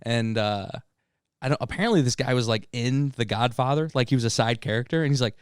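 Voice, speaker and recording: A young man, a podcast co-host, telling a story in casual chat among friends, animated, with filler words and swearing. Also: medium pitch, fairly quick, clean tone, no echo, studio quality.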